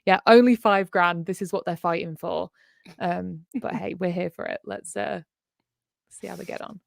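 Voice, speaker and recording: A woman's voice: lowish voice, fairly even intonation, normal speed, vocal fry, no room sound. A woman hosting a casual reaction livestream, chatty and upbeat with frequent ums and laughs. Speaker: livestream host.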